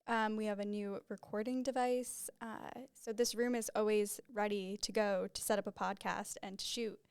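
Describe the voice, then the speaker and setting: A woman's voice: mid-range voice, flat delivery, moderate pace, smooth, no echo. A woman in her twenties hosting a casual solo podcast on a podcast microphone in a small studio, rambling and openly emotional. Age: 20s. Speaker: podcast host. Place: small studio room with a white backdrop.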